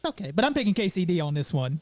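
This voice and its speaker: A man's voice: high-pitched, sing-song, quick pace, darkish tone, no echo, studio quality. A man hosting a sports podcast, playfully leading the picks segment. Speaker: podcast host. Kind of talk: casual sports banter.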